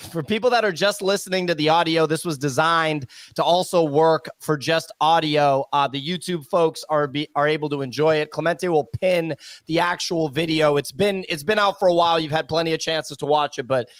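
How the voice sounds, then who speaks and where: A man's voice: fairly high pitch, dry recording. Upbeat man hosting a live show. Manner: directs the crew, quick and upbeat. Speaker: podcast host. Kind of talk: casual live show chat.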